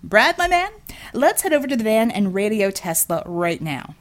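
A woman's voice: mid-range voice, sing-song, normal speed, natural voice. A woman voicing a cocky, scheming male superhero who talks with brash, teasing salesman patter. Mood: smooth salesman.

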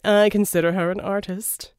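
A woman's voice: medium pitch, huge pitch swings, slow pace, gravelly, a little mellow, dry recording, clean studio sound, full character voice. A woman voicing a smug, genteel male villain mastermind in an audiobook, speaking in a mannered, self-pleased way.

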